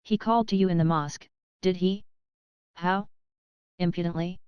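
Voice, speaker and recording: A woman's voice: lowish voice, fairly even intonation, normal speed, clean tone, no echo, dull audio, lightly acted. Woman voicing a curt young English officer. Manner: curt, dictatorial questioning. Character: brusque young male English official, defensive.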